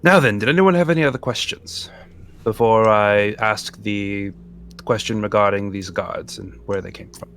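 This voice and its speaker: A man at a tabletop game talks in character with courteous, formal wording. He often pauses on fillers, and his voice sits a little low. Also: gravelly, a bit bright, slight background noise. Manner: polite, formal phrasing with hesitant fillers. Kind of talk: in-character role-play chat.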